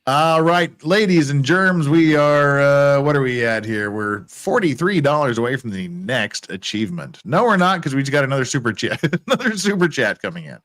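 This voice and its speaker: A male host of a relaxed live stream, bantering and joking with his guests. His pitch swings widely from low mutters to sudden bright lifts. His voice sits easy and unhurried, with nothing tight in it. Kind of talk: casual live-stream chat.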